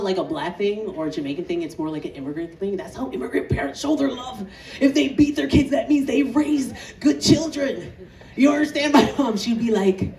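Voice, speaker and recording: A woman in her thirties from Canada doing a stand-up comedy set on an outdoor stage, animated and laughing through her punchlines. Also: medium pitch. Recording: echoey outdoor set from a distance, crowd laughter.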